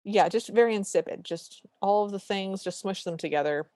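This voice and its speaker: A woman's voice: medium pitch, moderate pace, no echo, clean studio sound. A woman co-hosting a podcast, recapping a film in casual chat and acting out the characters' lines. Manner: animated, acts out quotes in voices. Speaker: podcast co-host.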